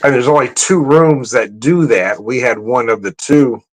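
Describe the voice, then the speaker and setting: A man's voice: normal speed, poor audio. A man hosting a casual beer livestream, rambling and chuckling, correcting himself as he talks. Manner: raises his voice high to mimic greetings. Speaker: beer vlogger.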